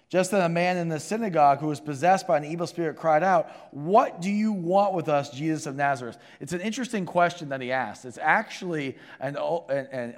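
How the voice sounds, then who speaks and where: A man preaching a sermon to a congregation, shifting between loud emphasis and hushed intensity. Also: medium pitch. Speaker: pastor. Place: church sanctuary with congregation. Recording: long hall reverb from a sanctuary.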